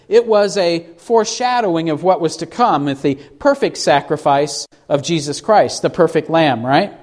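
Male pastor, sermon, fairly high voice, rhetorical questions, slow emphatic scripture reading. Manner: preaching with rhetorical questions and dramatic pauses. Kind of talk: expository sermon.

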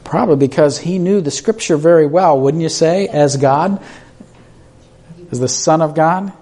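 A man's voice: fairly high pitch, normal speed, warm tone, slight background noise. Man preaching a casual, chatty sermon. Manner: conversational, asks listeners rhetorical questions; repeats words and restarts when speaking off the cuff.

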